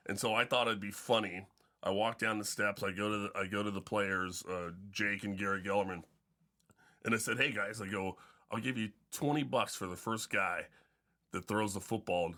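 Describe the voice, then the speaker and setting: A man's voice: on the low side, pushed and bright. A middle-aged man hosting a casual sports podcast, telling stories with frequent restarts and fillers. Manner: storytelling, many restarts and fillers. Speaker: podcast host and football coach.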